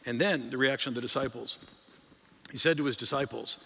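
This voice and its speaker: A man with a bright, forceful voice pitched a little high preaches on a stage microphone. He talks in a conversational way and lifts his pitch and volume sharply to stress a point. The sound rings on in a large church hall. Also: very animated, fast talker. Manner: conversational, rises in pitch and volume for emphasis, repeats words. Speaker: pastor. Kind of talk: sermon. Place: church sanctuary. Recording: long reverb of a large hall.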